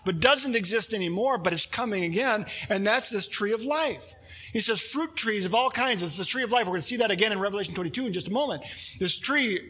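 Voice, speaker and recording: Pastor, man, preaching in earnest; slightly higher, husky voice. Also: sharp tone. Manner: earnest preaching, reads scripture aloud, asks listeners questions. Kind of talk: sermon.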